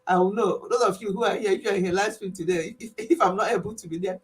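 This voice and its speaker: A woman's voice: mid-range voice, fairly even intonation, fast. Woman, live-stream host, playful, laughing, mimics viewers. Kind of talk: casual live-stream chat.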